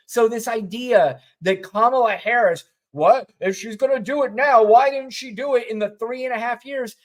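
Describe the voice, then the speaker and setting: A man co-hosting a podcast, giving blunt, sardonic commentary and telling stories in an animated way. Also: extremely high pitch, normal speed, hardly any pauses. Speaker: podcast co-host. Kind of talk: opinionated casual commentary.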